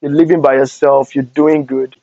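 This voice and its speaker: A young man with a Nigerian accent telling animated stories in a storytime vlog, slipping into Pidgin asides. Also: mid-range voice, normal speed, gravelly, no room sound, lo-fi sound. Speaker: vlogger.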